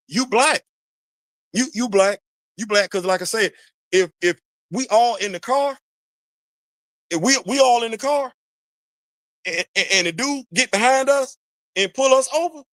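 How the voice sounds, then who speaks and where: High-pitched guy ranting on his show, aave, repeats himself a lot, dry close mic. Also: no echo. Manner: animated, preachy, repeats phrases, talks to chat. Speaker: podcast host. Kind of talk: casual commentary monologue.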